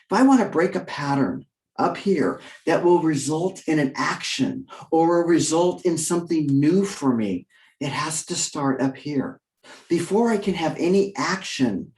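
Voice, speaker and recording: A man with a slightly high voice coaches through a webinar talk. He is animated, jumps up in pitch often and restarts his sentences. The room around him rings with echo. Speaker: leadership coach.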